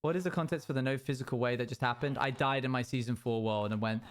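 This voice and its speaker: A young male livestreamer chats casually and playfully with viewers while streaming a game, laughing often. His voice is medium-pitched and steady, and he talks quickly with few pauses.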